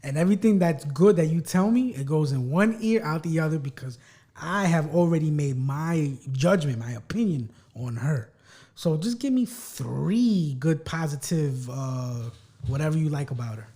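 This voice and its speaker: A man co-hosting a podcast talks bluntly and teases his friend, swearing freely. His voice sits a little high but sounds mellow and relaxed. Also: normal speed. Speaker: podcast co-host. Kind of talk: casual chat.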